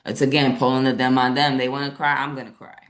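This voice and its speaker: A woman's voice: rumbling low, flat delivery, fast talker. Brief: woman co-presenter, emphatic and passionate delivery, video-call audio. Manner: passionate, emphatic, tags points with "right?". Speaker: webinar co-presenter. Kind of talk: live online presentation discussion.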